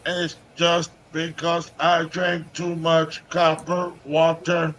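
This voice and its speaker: Robot voice put on by a man, flat pitch, unhurried robotic delivery. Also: slight background noise, rough recording. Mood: deadpan robotic. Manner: slow, stiff, robotic delivery. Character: flat monotone male AI robot. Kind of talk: playful put-on voice on livestream chat.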